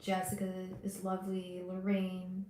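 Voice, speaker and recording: A woman hosting a live tarot reading, talking gently and directly to her viewers with frequent restarts. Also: mid-range voice, completely flat delivery, unhurried, roomy sound, slight background noise, poor audio. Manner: gentle, soothing, talks straight to viewers; emotional, hesitant restarts. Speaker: tarot reader livestream host. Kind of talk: casual livestream reading.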